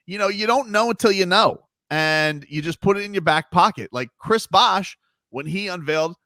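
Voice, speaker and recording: A man hosting sports talk radio, talking in an animated, rambling, emphatic way on a studio mic. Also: high voice, dry recording.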